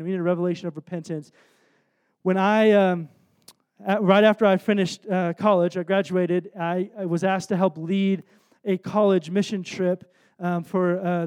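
A man's voice: high voice, darkish tone. A young man preaching a sermon in an earnest, conversational way, telling an emotional personal story. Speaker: worship leader preaching.

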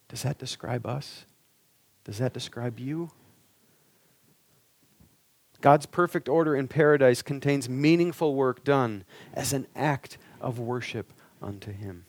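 A man's voice: mid-range voice, a little slow, a little mellow. A male preacher giving an earnest sermon, pressing the listeners with rhetorical questions.

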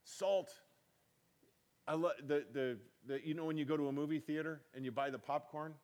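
A man is preaching to his congregation in a relaxed, talky way. He laughs easily, then leans hard into his key lines and lifts his slightly high voice. He keeps it personal and direct. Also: normal speed. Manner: conversational preaching with laughs and emphatic swells. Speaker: pastor. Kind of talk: sermon.

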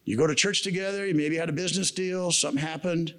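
A man's voice: on the high side, quick pace, a bit bright. A man giving a sermon at a men's camp, telling a personal story in a casual, slangy way. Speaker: camp speaker. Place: camp meeting room.

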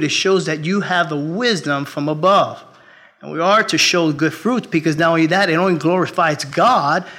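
A male pastor preaching a sermon, earnest, moving between raised appeals and quiet storytelling. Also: a little high. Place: church.

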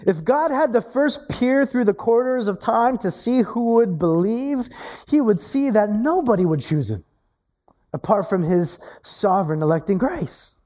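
A woman preaching a sermon, emphatic, repeating her key phrases and swinging her pitch between low and high. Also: lively intonation, a little slow, dark tone.

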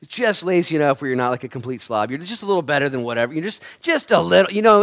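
A man preaching a sermon to a church congregation, swinging from loud, rising calls to hushed asides, with playful humor. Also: a little high, big pitch swings, fast. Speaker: pastor.

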